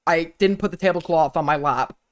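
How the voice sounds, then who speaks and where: Dude streamer riffing sarcastically, swears a lot, rambly. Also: male voice, on the high side, a little fast. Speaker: streamer reacting to clips. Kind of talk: casual stream commentary.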